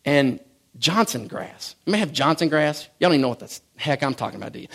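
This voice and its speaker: A man's voice: on the high side, big pitch swings, a little fast, fairly bright tone. A man preaching a sermon in a folksy, joking way, often stumbling and restarting his phrases. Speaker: pastor.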